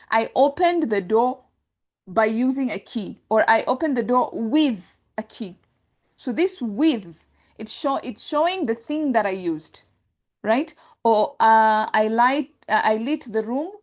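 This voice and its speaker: Higher-voiced woman teaching Arabic grammar. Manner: explains step by step, checks understanding with "right?". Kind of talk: classroom lecture.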